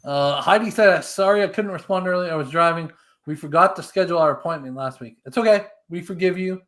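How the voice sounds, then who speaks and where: A man's voice: fairly high pitch, a little fast, a bit bright. Easygoing man reading viewer comments. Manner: easygoing, reads comments aloud. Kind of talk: casual live-stream chat.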